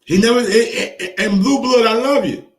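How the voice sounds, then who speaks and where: Excitable high-voiced man in an echoey room. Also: moderate pace, far from the mic. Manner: excitable, profane, repeats phrases for emphasis. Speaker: boxing commentary channel host. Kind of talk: casual reaction commentary.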